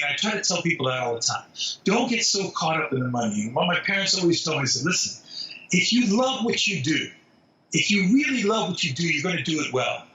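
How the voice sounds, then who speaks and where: A man's voice: fairly high pitch, bright, forceful tone. Man in his sixties, earnest storyteller, dull lo-fi roomy recording. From New York City. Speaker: zoo spokesman, guest. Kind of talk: storytelling interview. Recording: roomy, distant, dull sound.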